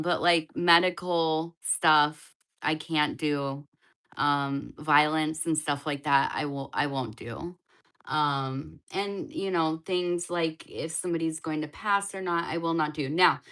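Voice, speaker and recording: Slow-talking woman with a bright voice. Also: sits low. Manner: chatty and loose, talks to viewers directly. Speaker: tarot reader hosting a live stream. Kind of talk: casual live-stream reading, answering chat.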